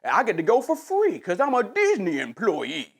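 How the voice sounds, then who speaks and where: A man's voice: high-pitched, wildly swooping pitch, moderate pace, slightly rough, exaggerated voice. A man putting on a mocking impression of a fawning, self-important sports TV host who calls himself a company man. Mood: mock groveling. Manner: groveling, hesitant, self-important.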